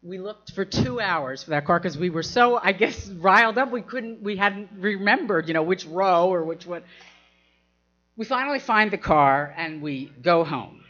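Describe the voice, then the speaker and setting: Telling an audience a story from her own life, this woman speaks at a normal pace in a lowish, expressive, somewhat bright voice. She laughs frequently and performs the voices of the people she quotes. The recording is dull and lo-fi.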